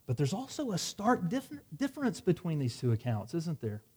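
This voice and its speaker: A man's voice: fairly high pitch, huge pitch swings, normal speed, a little mellow, husky. A man preaching a sermon, reading scripture dramatically and dropping wry asides. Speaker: pastor.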